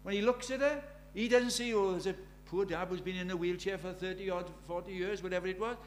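A middle-aged man preaching a sermon. He drops to near-whispers and then rises to loud, urgent questions. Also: sits high, fairly even intonation, fast, slight background noise. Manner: swings from hushed intimacy to loud urgent questions.

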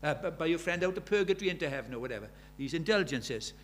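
Earnest older preacher. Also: male voice, a little high, lively intonation, fast, fairly bright tone, a little hiss or hum. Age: 70s. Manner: earnest, presses the congregation with rhetorical questions. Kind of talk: sermon. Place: church.

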